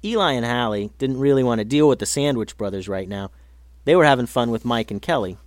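A man narrating a children's story in a gentle, lively reading manner. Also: mid-range voice, a little fast, dry recording, studio quality.

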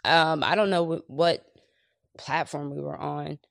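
A woman's voice: low-pitched, steady tone, unhurried, creaky, dry recording, clean studio sound. A woman co-hosting a podcast, chatting earnestly about faith and telling stories with acted-out quotes. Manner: earnest, storytelling, acts out quotes. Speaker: podcast co-host. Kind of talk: casual faith chat.

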